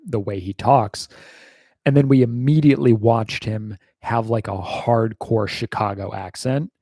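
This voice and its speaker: A man's voice: on the low side, measured pace, mellow, dry recording. An American man hosting a casual livestream Q&A, rambling wryly with lots of fillers and the odd swear. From United States.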